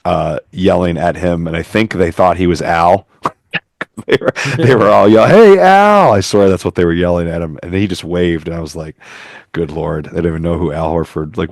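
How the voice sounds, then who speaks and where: A man's voice: low-pitched, no echo, clean studio sound. A man hosting a casual podcast chat over a remote call, rambling and making self-mocking jokes. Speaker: podcast host.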